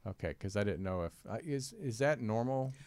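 A man's voice: fairly low pitch, expressive, brisk, darkish tone, clear, resonant tone, dry recording. A man hosting a talk show in a studio, asking questions with many fillers and restarts. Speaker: host. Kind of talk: casual chat.

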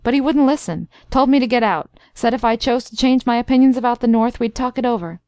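A woman's voice: on the high side, quick pace, a little mellow, dry recording, pitched above the performer's own voice, close to an everyday voice. A woman voicing an earnest, stubborn young man in a storybook reading, speaking firmly. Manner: earnest, firm.

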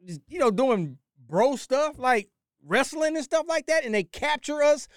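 A man co-hosts a casual podcast, bantering and joking in loose slang. His pitch swings a lot, rising and falling as he talks. The sound is close and dry. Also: animated, unhurried, no echo. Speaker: podcast co-host. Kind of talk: casual chat.

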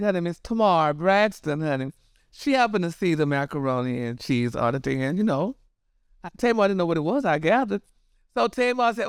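A man's voice: on the high side, animated, moderate pace, long pauses, clear, resonant tone, no room sound, studio quality. A man hosting celebrity gossip in a sassy, dramatic way, calling everyone honey and girl. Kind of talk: casual gossip commentary.

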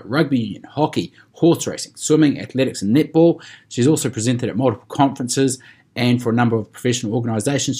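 A man hosting a podcast, reading a sponsor spot and guest bios in an upbeat, quick manner. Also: mid-range voice, darkish tone, breathy edge. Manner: fast, upbeat, reads ad copy and guest bios. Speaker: podcast host. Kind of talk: podcast intro and interview.

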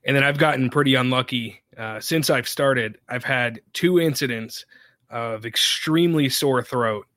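A man talks in a relaxed, rambling way, full of fillers. His voice sounds bright and forward at a middle pitch. He is recorded close and dry, with no room echo. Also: a little slow. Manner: relaxed, chatty, many fillers. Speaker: podcaster guest. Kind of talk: casual podcast chat.

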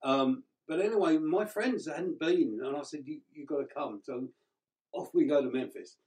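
A man's voice: a little high, expressive, moderate pace, a little mellow, rough recording. A man with an English accent, co-hosting a radio show in casual chat, talking freely and laughing often. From England.

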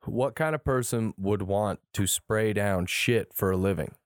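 A young man co-hosting a casual podcast, telling a story in an animated, profane way. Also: lowish voice, measured pace, dry recording, studio quality. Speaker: podcast co-host. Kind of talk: casual chat.

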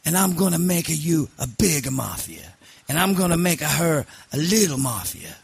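A man voicing a little old male mob boss, doting and sweet-voiced with a quiet menace, in a spoken anecdote. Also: on the high side, very animated, moderate pace, gravelly, breathy edge, dry recording, voice pushed up, full character voice. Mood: commanding.

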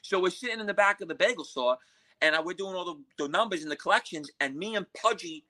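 A man's voice: high voice, animated, fast talker, pushed and bright, low-quality recording. A man telling a crime story as a podcast guest, in blunt, profane street talk. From Queens, New York. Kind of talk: storytelling interview.

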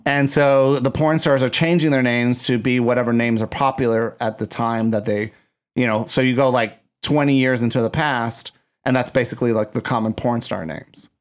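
A man chatting casually, throwing in quick jokes and laying out his own theories. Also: mid-range voice, fairly even intonation. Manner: joking, theorizing, quick quips. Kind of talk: casual chat.

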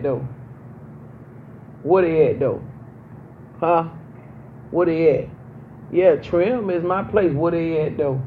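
A young woman pastor preaching a sermon in a church, calling out to her congregation and repeating her lines for emphasis. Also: low-pitched. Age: young adult. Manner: emphatic call-and-response, repeating phrases to the congregation. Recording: muffled lo-fi with faint background noise.

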